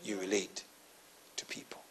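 A man pastor preaching a sermon in church, telling a personal story and acting out the dialogue, swinging from quiet asides to loud emphatic preaching. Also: normal speed, whispered. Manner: storytelling, acting out his own quoted dialogue; laughs at his own story.

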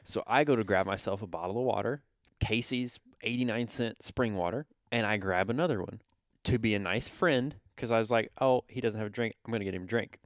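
A young man co-hosting a podcast who jumps in to correct his friend and mock-yells his side of the argument. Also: fairly low pitch, a little fast, dry recording, studio quality. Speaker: podcast co-host. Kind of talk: casual storytelling chat.

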